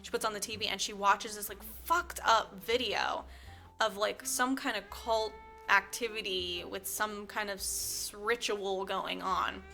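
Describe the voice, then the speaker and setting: A woman with a bright voice and a mid-range pitch tells a movie plot in casual podcast chat. She is animated and uses lots of fillers. She acts out the characters' lines as she goes, with faint music underneath. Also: a little slow, creaky. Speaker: podcast co-host.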